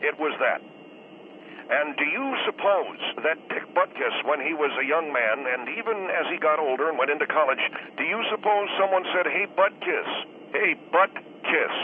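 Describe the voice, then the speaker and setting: A man's voice: a little high, animated, moderate pace. A man calling in as a guest to a radio talk show, speaking earnestly and at length about feeling wronged. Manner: earnest and aggrieved, explains at length. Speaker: call-in guest. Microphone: telephone. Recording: tinny phone line with faint hiss.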